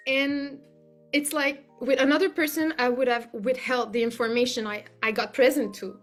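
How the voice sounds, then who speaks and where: A woman's voice: sits high, moderate pace, fairly bright tone, soft background music. A woman giving an earnest, effusive testimonial as a client, often using "like" as a filler. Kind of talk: heartfelt spoken testimonial.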